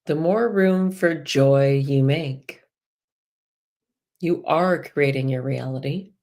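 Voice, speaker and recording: Slow, low-voiced woman guiding a meditation. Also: darkish tone. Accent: slight Irish lilt. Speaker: spiritual healer and host. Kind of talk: guided meditation.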